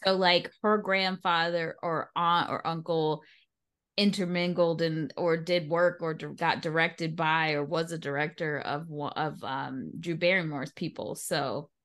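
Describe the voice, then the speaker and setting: Lower-voiced woman, chatty podcast co-host. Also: steady tone, unhurried, fairly bright tone. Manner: chatty and amused, with frequent laughs. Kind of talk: casual chat.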